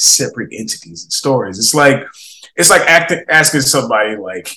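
Young male podcast host, lowish voice, slangy and animated, laughs often, casual gaming chat. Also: poor audio. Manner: animated, laughing, slangy reactions to viewer comments.

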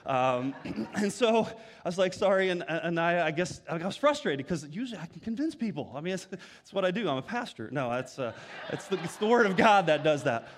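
Male pastor, middle-aged, high-pitched, conversational sermon storyteller. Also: big pitch swings, brisk, big-room sound. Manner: conversational storytelling with many restarts.

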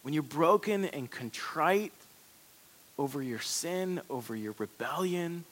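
A man preaching a sermon as pastor, in a conversational, animated way with quick asides. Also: on the high side. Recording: long hall reverb.

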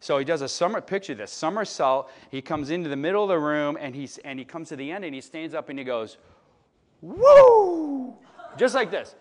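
A man from Chicago, in his late thirties, preaches in a relaxed, storytelling style, filling his talk with fillers and frequently checking in with "right?" and "you know?" His voice is fairly high, fast, and runs with few pauses.

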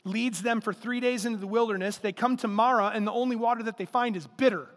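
Long hall reverb surrounds a male pastor preaching fast in a high, steady-toned voice at a church service in a large hall. He keeps it conversational and emphatic, repeating himself and posing rhetorical questions.

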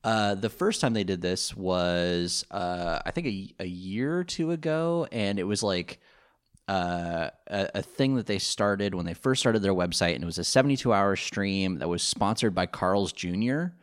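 Male podcast co-host, lower voice, loose rambling chat full of fillers. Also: expressive, a little slow. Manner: rambling, many fillers and restarts, laughs easily. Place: home.

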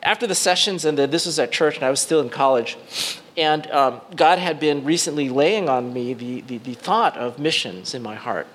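A middle-aged male pastor preaching a sermon, telling a personal story with frequent restarts and fillers, swinging between excited bursts and hushed, quiet moments. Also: mid-range voice, normal speed, slight background noise.

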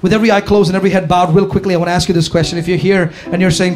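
Male pastor, fervent sermon, high-pitched, soft guitar underneath. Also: level tone, racing. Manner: impassioned preaching, swinging from shouts to hushed tones. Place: church hall before a congregation.

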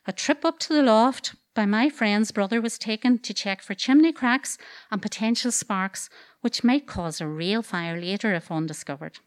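A woman's voice: medium pitch, moderate pace. A woman with a Northern Irish accent telling a true story on stage, wry and earthy, swearing freely and adding comic asides. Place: live event stage.

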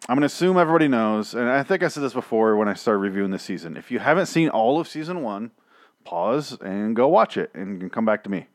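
A man's voice: mid-range voice, expressive, fast talker, no echo, clean studio sound. Rambling, sarcastic man reviewing a show. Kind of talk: casual recap rant.

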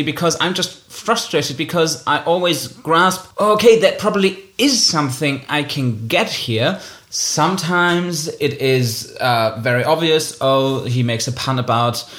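A man talking casually about a book as co-host, animated and full of fillers and restarts. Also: fairly high pitch. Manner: animated, self-interrupting with fillers.

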